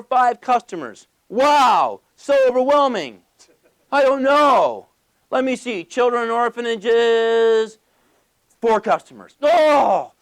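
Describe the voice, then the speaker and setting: A man giving a passionate motivational business speech to a live audience, emphatic and full of rhetorical questions and rapid-fire lists. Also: very high voice. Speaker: motivational speaker.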